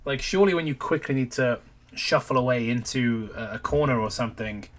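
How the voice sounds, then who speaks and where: A man's voice: mid-range voice, fairly quick, a bit bright. A man giving sarcastic reaction commentary over a gameplay video, critical and swearing casually.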